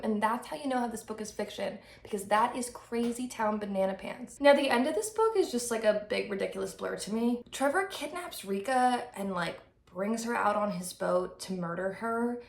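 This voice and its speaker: A woman's voice: mid-range voice, normal speed, creaky, few pauses. A woman recapping a novel in a casual, sarcastic, irreverent way as a book reviewer. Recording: echoey room.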